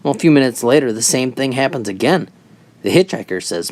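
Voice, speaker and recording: A joke teller reading jokes aloud in a brisk storytelling manner, often opening lines with "well". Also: mid-range voice, expressive, a little mellow.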